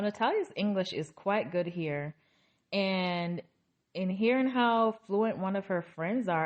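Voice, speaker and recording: A woman with a slightly low voice talks through a reality show episode in a relaxed, chatty recap. She throws in opinionated, exasperated asides about what the cast does. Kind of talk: casual recap commentary.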